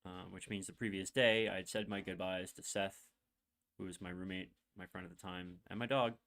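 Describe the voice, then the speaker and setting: Young man, low voice, rambling candid story, full of fillers, choked up. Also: steady tone, a little fast, fairly bright tone. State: emotional, holding back tears. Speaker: podcast host. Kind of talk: personal storytelling monologue.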